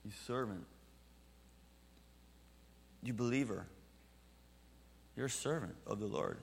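A man preaching a sermon in a church and leading a closing prayer, earnest, slowing down to stress key lines. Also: lowish voice, lively intonation, creaky, slightly rough. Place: church sanctuary. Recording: long church reverb.

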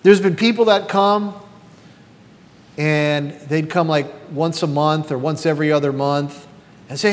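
A man in his fifties delivers a sermon in a fairly high voice, pressing the congregation with rhetorical questions. His voice rings out with a long reverb, as in a large church hall. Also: fairly even intonation, measured pace. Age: 50s. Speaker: pastor.

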